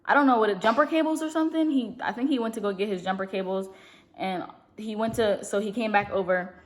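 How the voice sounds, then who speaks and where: A young woman vlogger telling a long story in a casual, rambling way, talking fast and full of fillers. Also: medium pitch. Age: young adult. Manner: speaks fast.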